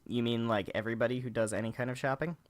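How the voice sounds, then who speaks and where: A man's voice: mid-range voice, fairly even intonation, rapid-fire. A man hosting a let's play, reading a visual novel aloud and breaking off for crude joking asides. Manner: joking, crude asides between read lines.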